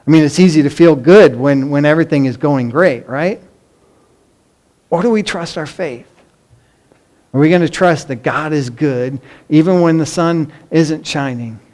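Middle-aged male pastor, earnest emphatic sermon delivery, slightly high voice. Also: a little slow, darkish tone. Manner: earnest, emphatic preaching with rhetorical questions.

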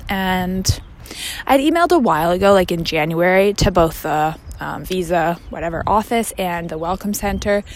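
A woman's voice: fairly low pitch, animated, normal speed, slight background noise. A young woman from Canada, rambling through a casual vlog update full of fillers and slangy asides. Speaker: vlogger. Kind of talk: casual chat.

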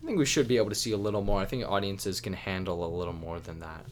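A man guesting on a podcast in casual chat, criticizing in an animated, exasperated way. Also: sits low, fast, slight background noise.

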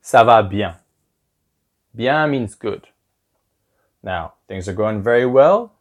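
A man's voice: lowish voice, animated, takes it slowly. A man hosting a podcast language lesson as a teacher, upbeat and repeating phrases with exaggerated rising intonation.

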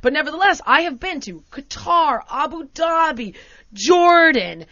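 Animated high-voiced woman telling a story. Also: a little slow, no room sound, highs cut off. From United States. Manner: animated, acts out quotes with big pitch swings. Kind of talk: casual storytelling chat.

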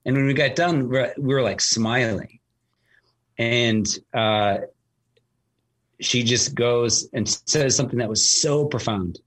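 A man's voice: mid-range voice, slow pace, fairly bright tone. A man talking casually as a host, telling a long story with lots of fillers and restarts. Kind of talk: casual conversation.

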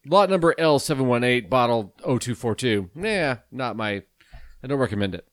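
A man making wisecracks and deadpan asides in a casual chat among friends. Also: medium pitch, moderate pace, dry recording, clean studio sound.

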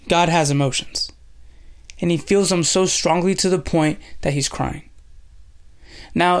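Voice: medium pitch, gravelly. A host teaching a casual devotional, retelling scripture in slangy everyday speech and acting out dialogue. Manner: acts out dialogue with shifts in voice.

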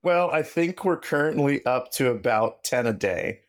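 A man of average pitch chatting as a guest on a podcast. He tells stories animatedly and jumps his voice up and down as he acts out what others said. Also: moderate pace. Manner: animated, acts out quoted dialogue. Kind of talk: casual storytelling interview.

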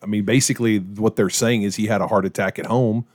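A middle-aged man, a pastor, casually telling a story to his co-hosts with lively acted-out quotes. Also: lowish voice, fast, dry recording, studio quality. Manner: animated storyteller, acts out quoted voices.

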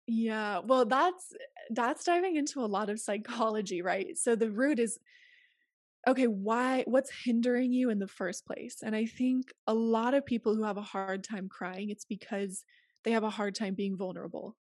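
Earnest woman with a higher, dry voice. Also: normal speed, darkish tone, dry recording. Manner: earnest, emphatic, advice-giving. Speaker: podcast guest. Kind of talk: casual conversational interview.

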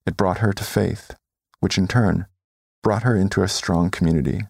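A man giving calm, measured scripted narration for a documentary story. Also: sits low, creaky, no echo, studio quality.

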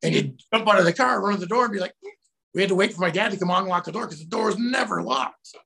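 A middle-aged man, a guest telling anecdotes in a casual, animated way, bursting into shouted quotes. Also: high voice, quick pace, creaky, slight background noise. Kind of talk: casual storytelling.

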